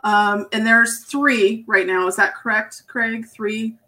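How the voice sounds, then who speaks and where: Her voice sits on the high side, steady in tone and slow, as this podcast co-host chats casually on a video call. Warm and quick to laugh, she poses questions that ramble on at length.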